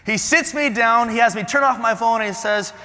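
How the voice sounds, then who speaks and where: A man giving an energetic keynote at a conference, quizzing the audience and swinging from loud bursts to hushed asides. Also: very high-pitched, fairly quick. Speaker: motivational conference speaker. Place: large conference hall, on stage. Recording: echoey conference hall.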